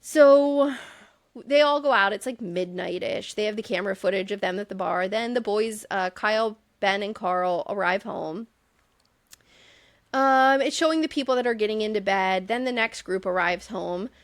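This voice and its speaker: A woman co-hosting a podcast, recapping a reality show in casual chat, exasperated and profane, with quick asides. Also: mid-range voice, no room sound. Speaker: podcast co-host.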